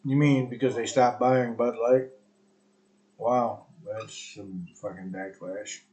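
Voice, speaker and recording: A man's voice: mid-range voice, steady tone, takes it slowly, darkish tone, a little hiss or hum, rough recording. A man hosting his own live stream podcast alone, talking in a crude, profane, rambling and sarcastic way. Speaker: podcast host. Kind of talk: solo live stream chat.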